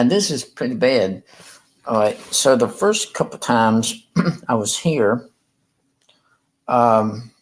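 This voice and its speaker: Man, low voice, casual livestream, rambling and halting. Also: a little mellow, rough recording. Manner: halting, rambling, repeats himself. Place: room in a rehab facility.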